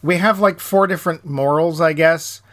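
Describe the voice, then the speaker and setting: A man in his fifties with a slightly high voice, hosting a casual podcast chat. He talks in a chatty, joking way. He laughs often as he goes. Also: moderate pace, a bit bright. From United States. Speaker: podcast host.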